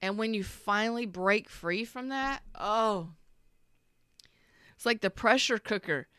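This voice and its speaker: A woman's voice: medium pitch, slow pace, a bit bright, clean tone, no room sound, studio quality. A woman giving a rambling, emphatic tarot reading, repeating herself for emphasis and swearing casually. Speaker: tarot reader. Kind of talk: spontaneous tarot reading monologue.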